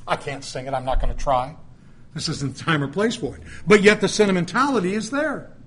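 A middle-aged man delivers a sermon in an easygoing, chatty manner. He drifts into personal stories and side remarks to his listeners. His voice sits a little higher than most men's. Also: a little fast, a bit bright, slightly rough. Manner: conversational storytelling with asides. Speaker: preacher.

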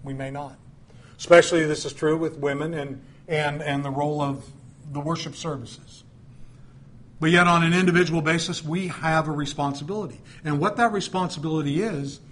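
A man's voice: a little high, normal speed, fairly bright tone. A middle-aged man preaching a sermon in a conversational, storytelling way, with asides to the congregation.

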